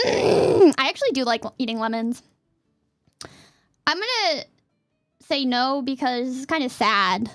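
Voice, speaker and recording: A woman streamer chatting casually and reading questions aloud, giggly and playful, sometimes bursting into a yell. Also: high voice, lively intonation, measured pace, long pauses, dry recording, clean studio sound.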